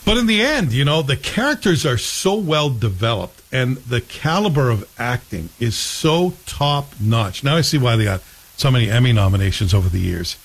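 A man's voice: mid-range voice, sing-song, moderate pace, vocal fry, husky, low-quality recording. A man hosting a casual chat, talking in a rambling, opinionated way with frequent restarts.

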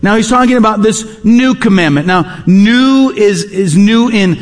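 High-voiced man preaching in a hall. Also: a little slow. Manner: emphatic, repeats key phrases. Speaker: pastor. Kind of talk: sermon.

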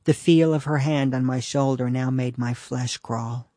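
A man's voice: mid-range voice, fairly even intonation, unhurried, warm tone, no echo. A man reading his own humorous personal essay aloud with a dry, understated delivery.

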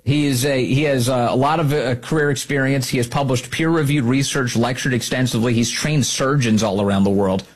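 A man's voice: medium pitch, a little fast, few pauses. A man hosting a talk show, delivering an emphatic, opinionated monologue and repeating key lines for effect.

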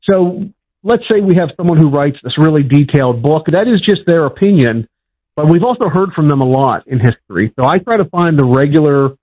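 A man from Pittsburgh, a historian answering interview questions in a plainspoken, explanatory way with frequent fillers. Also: fairly high pitch. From Pittsburgh, USA. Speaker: historian guest. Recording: dull lo-fi sound.

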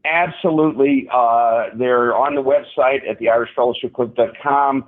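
A man's voice: mid-range voice, steady tone, breathy edge. Upbeat man on a tinny phone line. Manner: upbeat, halting with many restarts. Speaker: club president, guest. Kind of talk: radio interview over the phone.

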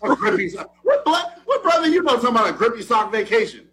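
A man co-hosting a show, teasing in casual banter, with his voice jumping up when he gets excited. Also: quick pace, soft background music. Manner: animated, teasing, jumps up in pitch when excited. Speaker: co-host.

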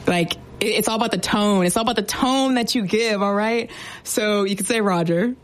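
A woman's voice: medium pitch, brisk. A young woman who serves as a sergeant, casually explaining military slang in a chatty, playful way with lots of fillers. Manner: chatty, filler-heavy, playful teasing asides.

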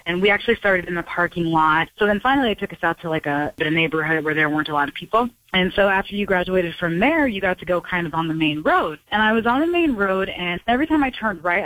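Animated woman co-host telling a story. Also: lowish voice, no echo, rough recording. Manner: animated storyteller who acts out the voices. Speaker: radio co-host. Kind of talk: storytelling radio chat.

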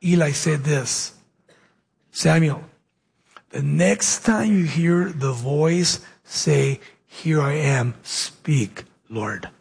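A man preaching a sermon, telling the story with dramatic pauses and acting out the dialogue in his own voice. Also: a little high, vocal fry, darkish tone, husky.

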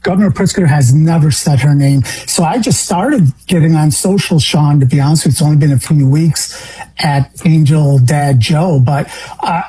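Husky, indignant man from Illinois. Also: fairly high pitch, moderate pace, dark tone, poor audio. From Illinois, USA. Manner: indignant, emphatic, voice jumping upward. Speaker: guest, grieving father. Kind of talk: talk radio interview.

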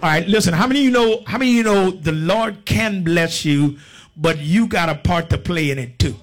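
High-voiced preacher working the congregation. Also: male voice. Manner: slow, emphatic scripture reading broken by casual asides. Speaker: pastor. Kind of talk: sermon with scripture reading and congregation call-and-response.

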